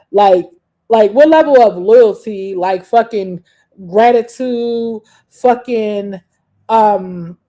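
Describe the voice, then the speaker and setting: A woman's voice: medium pitch, warm tone. A young adult woman hosting a talk show, ranting in a profane, combative, rambling way with frequent restarts. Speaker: podcast host. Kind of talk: casual rant monologue.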